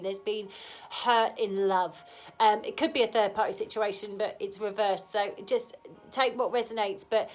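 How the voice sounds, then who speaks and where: Frank, chatty woman with a cold, reading tarot over soft background music. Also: fairly high pitch. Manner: chatty, frank, keeps asking "okay?". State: has a cold. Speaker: tarot reader. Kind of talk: casual tarot reading to camera.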